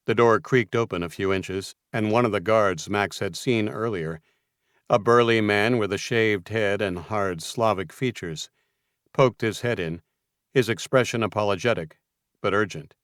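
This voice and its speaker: A man narrating a thriller audiobook in a measured, tense delivery. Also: lowish voice, fairly bright tone, no room sound, studio quality.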